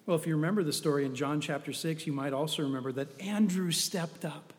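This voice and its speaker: A man's voice: a little high, quick pace, hardly any pauses, big-room sound. A man preaching a sermon in a conversational, storytelling way with humorous asides.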